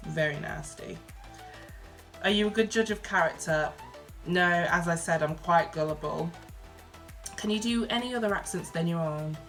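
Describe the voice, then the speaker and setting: A young woman from Birmingham with a softened Brummie accent, chatting casually through a Q&A vlog, reading each question aloud and answering with lots of ums and likes. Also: fairly low pitch, moderate pace, pauses often, soft background music. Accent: Birmingham English, softened. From Birmingham, England. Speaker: vlogger.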